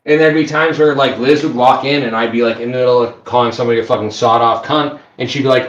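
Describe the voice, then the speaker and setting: Animated swearing man in an echoey room. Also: mid-range voice, quick pace, hardly any pauses. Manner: animated storyteller, swears a lot. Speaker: podcast host. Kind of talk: casual comedy chat.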